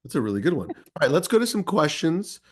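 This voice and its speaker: A man hosting an interview with a lively, up-and-down voice. He praises his guest freely and moves the talk along to audience questions. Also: a little high, husky. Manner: encouraging, quick to praise. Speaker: interviewer and host.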